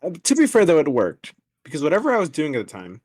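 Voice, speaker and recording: A man's voice: a little high, fast talker, no room sound, studio quality. A young man co-hosting a podcast, telling stories in a casual chat with frequent laughter. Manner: animated storytelling, laughs often. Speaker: podcast co-host.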